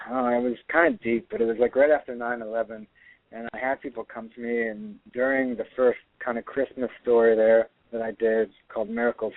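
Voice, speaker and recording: A middle-aged actor and filmmaker, talking earnestly as a guest in a radio interview, rambling with many restarts. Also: male voice, medium pitch, no echo. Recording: tinny dry phone line.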